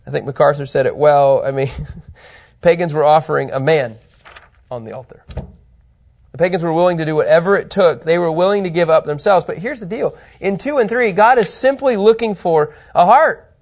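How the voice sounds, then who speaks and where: A man teaching an informal Bible lesson, animated and chatty, often checking in with his listeners and his co-host. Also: fairly high pitch, normal speed.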